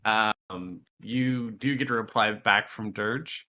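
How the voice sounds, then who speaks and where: A man running a tabletop game as dungeon master, animated, slipping into comic voices for characters. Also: lowish voice, slow pace, hardly any pauses.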